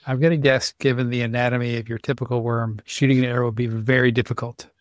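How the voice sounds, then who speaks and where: A man's voice: mid-range voice, little pitch movement, quick pace, no room sound. A man hosting a podcast in casual chat, with dry, wry humor. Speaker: podcast host.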